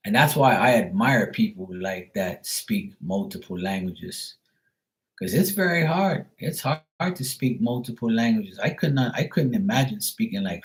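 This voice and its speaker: Low-voiced Bermudian man rambling casually. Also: low-quality recording. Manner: loose and rambling, heavy on "like", swears freely. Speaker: tarot reader, live streamer. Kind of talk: casual live-stream chat.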